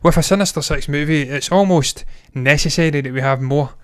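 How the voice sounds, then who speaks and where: A man co-hosting a casual movie podcast, excitable and swearing a lot. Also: a little high, a little fast, clear, resonant tone, no echo, studio quality. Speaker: co-host.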